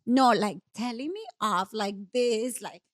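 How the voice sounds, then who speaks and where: Podcast guest: woman, high voice, dry studio sound, animated storyteller who laughs a lot. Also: unhurried, no echo. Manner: animated, laughing, switching between English and Spanish. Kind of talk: casual storytelling chat.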